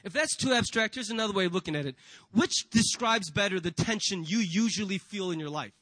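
A man's voice: high-pitched, expressive, brisk, fairly bright tone, no echo, low-quality recording. A man preaching a sermon as pastor, asking the congregation rhetorical questions and acting out inner voices. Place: church.

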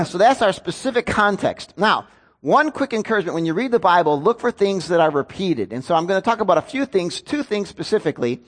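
Man, pastor, high voice, casual conversational sermon, joking asides, acts out quotes, congregation. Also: lively intonation, a little fast. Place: church before a congregation.

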